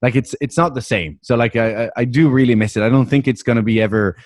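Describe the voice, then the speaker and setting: A man's voice: mid-range voice, fast talker, darkish tone, no echo, studio quality. A man hosting a podcast in casual chat, enthusiastic and laughing often. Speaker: podcast host.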